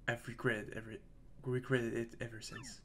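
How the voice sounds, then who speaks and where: A man voicing a sorrowful elderly man who speaks quietly and hesitantly. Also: medium pitch, flat delivery, moderate pace, a little hiss or hum, natural voice. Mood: remorseful. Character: Bodley, sorrowful elderly male sea-bar keeper.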